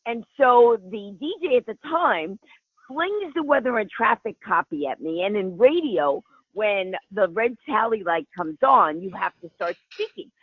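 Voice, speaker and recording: A woman's voice: medium pitch, unhurried, husky, no echo. A comedian from New York City telling a funny story, acting out the voices of the people she quotes. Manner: animated, acts out quoted voices. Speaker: guest, comedian. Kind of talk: comic storytelling. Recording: tinny phone line, dry.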